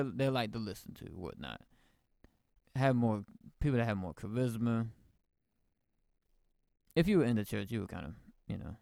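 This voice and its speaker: Young male podcast host, gravelly but smooth voice, casual rambling storyteller. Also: on the low side, a little mellow, no echo, studio quality. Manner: emotional, rambling, slangy with many restarts.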